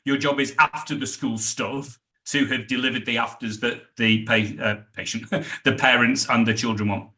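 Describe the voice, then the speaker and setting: A middle-aged British man, a sales trainer, telling animated stories in a podcast interview and acting out the dialogue. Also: medium pitch, normal speed. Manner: animated anecdotes, acts out quoted dialogue.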